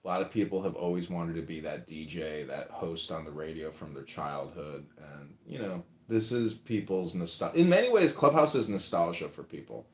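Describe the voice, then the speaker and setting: A man's voice: low-pitched, lively intonation, moderate pace, few pauses. A man hosting a casual talk show, telling stories in a rambling, profane way and acting out quotes. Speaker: podcast host. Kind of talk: casual chat, storytelling. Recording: roomy echo.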